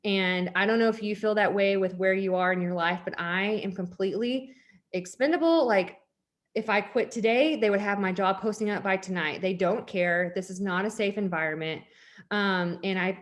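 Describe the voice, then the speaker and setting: A woman's voice: medium pitch, moderate pace. A woman in her thirties telling her personal story in a candid, chatty way, full of "like" fillers, at home with children nearby. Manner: laughs when uncomfortable. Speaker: network marketing leader. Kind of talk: personal story told to an audience.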